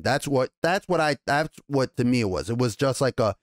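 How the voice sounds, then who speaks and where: A man with a New York accent giving a casual, profane TV episode recap and review, animated and rambling, acting out the characters' lines as he goes. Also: medium pitch, normal speed, few pauses, no room sound, studio quality. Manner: animated, profane, loose retelling with acted quotes. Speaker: TV show reviewer.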